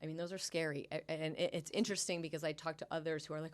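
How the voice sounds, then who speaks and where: A woman's voice: sits low, flat delivery, rapid-fire. A middle-aged woman with a New England accent, a podcast guest chatting casually and acting out her own thoughts in a raised voice. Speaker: podcast guest, sign painter. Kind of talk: casual interview chat.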